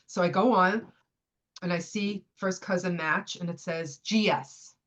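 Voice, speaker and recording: Low-voiced woman telling her story. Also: unhurried. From United States. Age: 50s. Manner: animated retelling, acts out what others said. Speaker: podcast guest. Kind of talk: personal storytelling in conversation.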